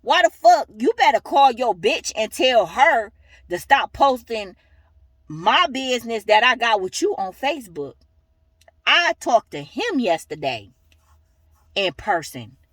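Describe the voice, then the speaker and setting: A woman's voice: fairly high pitch, sing-song, slow pace, long pauses, fairly bright tone, no room sound. A young woman ranting heatedly in a vlog, cursing and emphatic. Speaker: vlogger.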